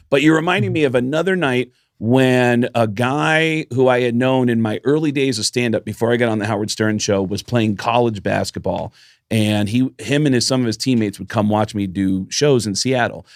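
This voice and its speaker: A man's voice: fairly low pitch, no room sound, studio quality. A man who is a comedian and podcast host, telling a story in casual chat, swearing freely and acting out the people in it.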